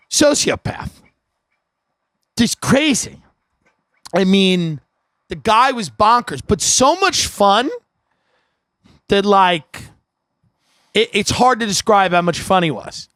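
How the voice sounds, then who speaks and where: High-voiced man telling a comedic story. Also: slow pace, pauses often, no room sound. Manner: rambling, animated, laughs at his own stories. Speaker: podcast host. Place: outdoor deck.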